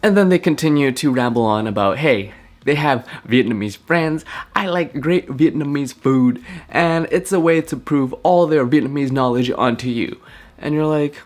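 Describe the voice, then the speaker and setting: A young man vlogging to camera, joking and slangy, with a deadpan prank delivery. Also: mid-range voice. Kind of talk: joking vlog talk to camera.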